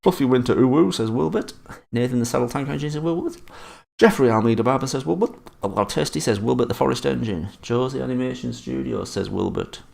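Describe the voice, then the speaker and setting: Gravelly man hosting a live quiz. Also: mid-range voice, lively intonation, fast talker, darkish tone. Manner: swears often and teases the chat. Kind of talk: live-stream chat reading.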